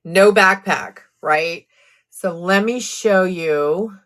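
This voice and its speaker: A woman's voice: fairly low pitch, drawn-out words, a bit bright. A woman hosting a live true crime stream, chatting casually about a court case and answering viewer comments with sarcastic asides.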